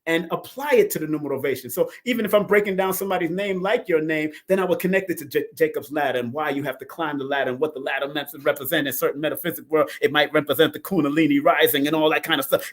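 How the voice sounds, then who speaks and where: A middle-aged man with a slightly high voice hosts a casual live numerology show. He talks in animated bursts, often laughing, and swings between loud exclamations and quiet asides. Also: fast, hardly any pauses. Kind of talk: casual live-stream talk.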